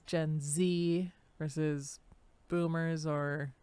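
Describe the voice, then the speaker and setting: Lady co-host chatting slow and easy, kinda low voice, giggles a lot. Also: flat delivery, warm tone, smooth, no echo. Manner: unhurried, giggly, many fillers. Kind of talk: casual live-show chat.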